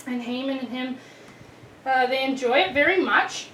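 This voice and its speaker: A woman tells children a Bible story in a chatty, animated way. Her voice is high and sounds roomy and distant, with faint background ambience. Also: normal speed, a little hiss or hum. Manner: chatty, animated, many restarts.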